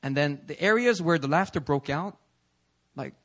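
A male pastor delivering a conversational sermon in a church, animated and prodding the congregation with "okay?" and "right?". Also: on the high side, normal speed. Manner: acts out listeners' voices in quotes. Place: church sanctuary.

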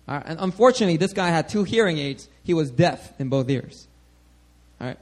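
A man preaching a sermon to a congregation, animated and conversational, often checking in with "all right?". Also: on the high side, quick pace. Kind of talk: sermon teaching.

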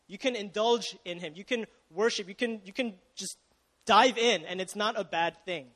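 A young man preaching in a relaxed, conversational way, with a light, high voice. He keeps asking his listeners questions and stumbles over restarts, and his words ring out with a long hall echo. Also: moderate pace. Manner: casual, chatty, asks the audience questions, self-interrupting. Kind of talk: sermon.

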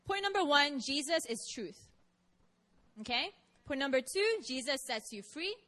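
A woman's voice: high voice, animated, unhurried, a bit bright. A woman preacher with a New York accent, opening a sermon in church in a casual, upbeat way. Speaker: guest preacher, missions director.

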